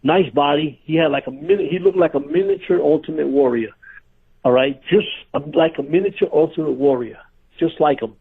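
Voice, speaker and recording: Ex-wrestler guy phoning in, raspy voice, thin phone sound, cracks up telling stories. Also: fairly high pitch, a little fast. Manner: animated storyteller, laughing through his stories. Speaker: former pro wrestler, guest. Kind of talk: casual storytelling interview. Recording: tinny phone-line audio.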